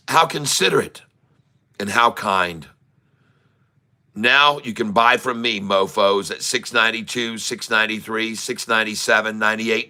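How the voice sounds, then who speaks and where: A middle-aged man giving excitable, taunting live commentary while day-trading, drawling numbers and talking to the market. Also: lowish voice, smooth.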